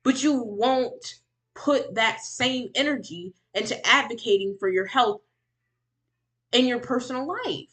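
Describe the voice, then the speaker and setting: A woman delivers exasperated reaction commentary on a livestream. Her voice is bright and pushy, sitting a little high. She rants in long runs with frequent repetition. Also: lively intonation, unhurried. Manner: heated, ranting, exasperated. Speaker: commentary streamer reacting to a clip.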